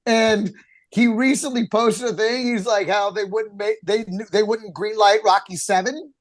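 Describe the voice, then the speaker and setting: A man co-hosting a podcast, chatting in an excitable way and teasing the others. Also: sits high, moderate pace. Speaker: podcast co-host. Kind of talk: casual podcast chat.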